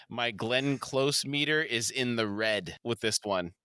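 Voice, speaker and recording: Male podcast co-host with a bright, crisp voice, recapping scenes on a dry close mic. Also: medium pitch, normal speed, hardly any pauses, no room sound. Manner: narrates scenes, laughs easily. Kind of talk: casual recap of a TV episode.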